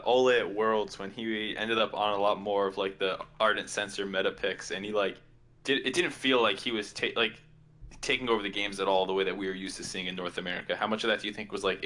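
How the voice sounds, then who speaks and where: A man's voice: on the low side, a little fast, pushed and bright. A man co-hosting a podcast, talking casually and rambling with many fillers. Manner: rambling, many likes and restarts. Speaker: podcast co-host. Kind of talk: casual chat.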